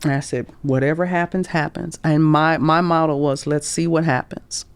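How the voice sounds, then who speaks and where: A smooth, low-pitched woman's voice belongs to a middle-aged career coach sharing candid podcast stories at a moderate pace. She's animated, acts out the voices she quotes, and drops to whispers, in a recording free of room sound.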